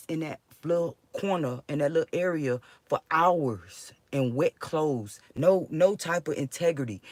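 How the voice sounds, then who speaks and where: A woman's voice: lowish voice, no echo. A woman venting emotionally to her viewers, agitated and profane, rambling with frequent restarts. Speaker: vlogger.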